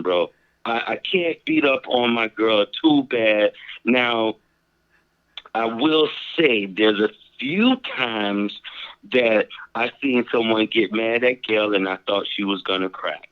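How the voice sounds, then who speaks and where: A man's voice: medium pitch, lively intonation, a little slow. A man with a mid-range voice speaks candidly as a radio guest. His delivery is easygoing, and the audio is muffled and lo-fi. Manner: candid, easygoing, laughs along. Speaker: interview guest. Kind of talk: casual radio interview.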